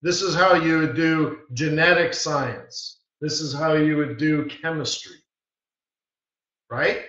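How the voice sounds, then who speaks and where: A man's voice: fairly high pitch, steady tone, slow, fairly bright tone. Emphatic man teaching a live trading webinar. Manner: emphatic, blunt, repeats short commands. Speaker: forex market strategist hosting a live webinar. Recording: roomy, distant, dull-sounding mic.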